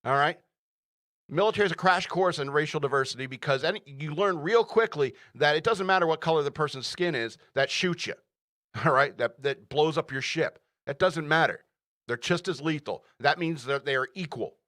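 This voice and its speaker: A man hosts his own radio show and delivers opinionated commentary on his own. His voice is bright and forceful. The sound is dry and close, and he keeps pressing his points home with repeated "all right?". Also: a little high, animated, moderate pace, dry recording. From United States.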